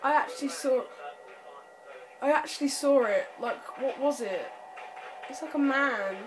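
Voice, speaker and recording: Over music, a young woman with a high voice talks a little slowly as she plays a horror game with friends. Scared and jumpy, she breaks into screams and nervous laughter in this casual let's-play chat, recorded noisily at home.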